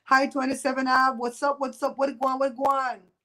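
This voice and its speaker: This livestream host, a woman in her fifties from Belize, chats with viewers from home in a loose, teasing, opinionated manner. Her high-pitched voice is brisk, pushed and bright yet flat in delivery. The recording is rough.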